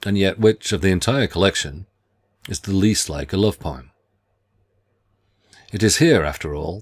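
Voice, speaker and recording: A middle-aged man with a very low, deep voice reads a prepared lecture on literature. His delivery is measured and deliberate, with careful phrasing. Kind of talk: scripted academic lecture.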